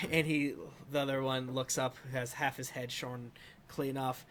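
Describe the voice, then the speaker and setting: A man's voice: medium pitch, little pitch movement, measured pace, fairly bright tone, slight background noise. A man narrating a tabletop game as dungeon master, rambling and filling gaps with ums and uhs. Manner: rambling, full of fillers.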